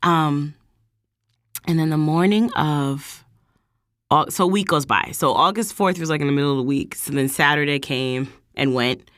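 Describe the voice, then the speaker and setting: A woman's voice: normal speed, no room sound, studio quality. A woman hosting her own vlog, casually telling a personal story and acting out what people said. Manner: animated, quotes people in higher voices. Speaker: vlog host.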